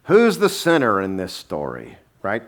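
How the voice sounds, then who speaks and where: A man preaching a sermon as pastor, animated and humorous, acting out the people in his story. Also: fairly low pitch, a little slow. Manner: animated storytelling, acting out quotes with shifting voices; sarcastic, humorous asides.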